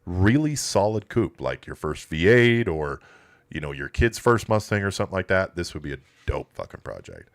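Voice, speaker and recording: A man with a lowish voice whose pitch jumps around in lively swings hosts a loose livestream from his auto shop. He talks in a blunt, laid-back way, peppered with swearing. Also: moderate pace, vocal fry. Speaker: host of a classic car livestream. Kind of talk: casual live commentary.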